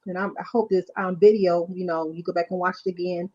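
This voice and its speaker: Woman host, husky voice, dull lo-fi sound, casual faith talk with constant check-ins. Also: fairly low pitch, steady tone, quick pace, darkish tone. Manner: repeats "you know what I'm saying". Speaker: livestream host.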